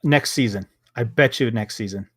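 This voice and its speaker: A man's voice: mid-range voice, moderate pace, fairly bright tone, husky, dry recording, clean studio sound. A young man co-hosting a casual review chat, ranting and swearing as he acts out quotes from the show. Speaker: podcast co-host.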